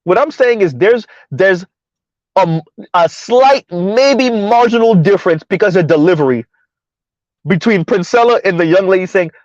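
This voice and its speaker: A high-pitched man hosts a casual commentary show. He talks bluntly and sarcastically and keeps rambling through restarts. The recording is dry and a little dull and lo-fi. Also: animated, moderate pace, darkish tone, no room sound.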